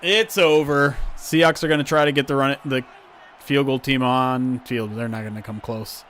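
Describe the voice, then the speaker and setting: A man's voice: medium pitch, moderate pace, slight background noise. Chatty man streaming a football game sim. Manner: chatty, breaks into loud excited outbursts. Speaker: livestream host. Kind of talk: casual play-by-play and chat.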